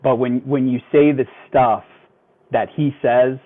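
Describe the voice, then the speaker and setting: A man calling in to a podcast, calm and explanatory with a dry sense of humor. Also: mid-range voice, a little slow. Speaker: guest calling in. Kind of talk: casual podcast chat. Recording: tinny phone-like call audio.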